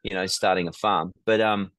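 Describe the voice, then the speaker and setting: A man's voice: low voice, fairly even intonation, normal speed, a bit bright, dry recording. A middle-aged man, a business founder, telling his story as an interview guest in a reflective way, with frequent ums and restarts.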